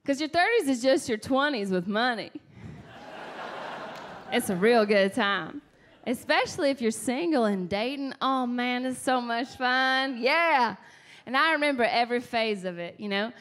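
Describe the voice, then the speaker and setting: A woman's voice: fairly high pitch, animated, unhurried, a bit bright, a little hiss or hum. Wry woman comic in her thirties. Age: 30s. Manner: conversational, wry. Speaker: stand-up comedian. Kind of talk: stand-up set. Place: comedy club stage.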